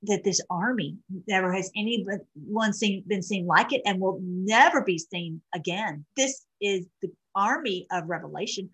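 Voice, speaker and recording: Rambling breathy woman commentator. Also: mid-range voice, unhurried, fairly bright tone, low-quality recording. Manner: rambling, many restarts and fillers. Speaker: online show host. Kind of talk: casual commentary reading posts.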